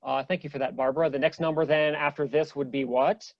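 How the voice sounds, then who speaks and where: A man teaching a class over a video call, eager and talkative, stumbling through ums and quick restarts. His voice sits a little high for a man. The audio is muffled and lo-fi, with a close, dry sound. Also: steady tone, no room sound. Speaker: presenter. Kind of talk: online lecture.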